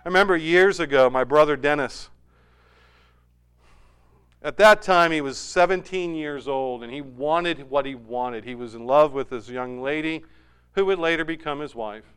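A middle-aged man preaching a sermon in a smooth, resonant voice that sits fairly high for a man. He tells a family story and builds to emphatic, climbing peaks. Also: normal speed, a bit bright. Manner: storytelling, rising to emphatic heights. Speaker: pastor.

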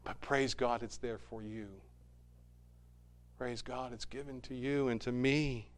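Fervent preaching man, smooth voice. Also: medium pitch, fairly even intonation, a little slow. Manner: swings from hushed to loud and fervent. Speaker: pastor. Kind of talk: sermon.

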